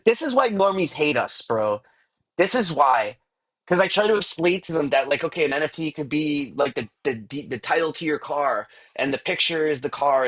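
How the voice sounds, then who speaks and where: A man chatting on a casual livestream, loose and slangy, tossing in "bro" and "like" constantly. His voice is mid-pitched and comes through earbuds. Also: fairly bright tone. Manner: slangy, rambling, says bro a lot. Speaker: livestream host. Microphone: earbuds mic.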